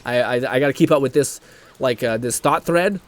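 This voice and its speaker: A man's voice: mid-range voice, brisk. A young man streaming live, chatting casually, reading chat aloud, laughing often and swearing freely.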